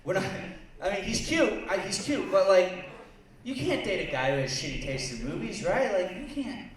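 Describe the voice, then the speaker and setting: A man's voice: high voice, expressive, moderate pace. A man performing a stand-up comedy set in a bar, crude, rambling and self-mocking. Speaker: stand-up comic and co-host. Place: bar lounge stage. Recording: echoey bar room, faint noise, distant mic.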